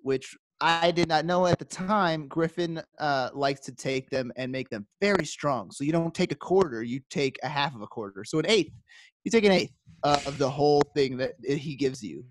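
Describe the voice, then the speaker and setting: A man's voice: on the high side, lively intonation, normal speed, dry recording. A man co-hosting a podcast, telling a story in a casual way and acting out quoted dialogue with animation. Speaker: podcast co-host.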